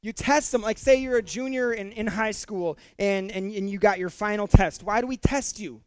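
A man's voice: high-pitched, moderate pace, clear, resonant tone, dry recording. A middle-aged male pastor preaching a sermon in a conversational way, with fillers and repeated words, rising to emphatic peaks.

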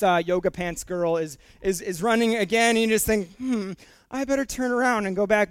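A male pastor preaches a casual, jokey sermon, often tripping into repeated words when excited. His voice sits high, clear and resonant, with no echo.

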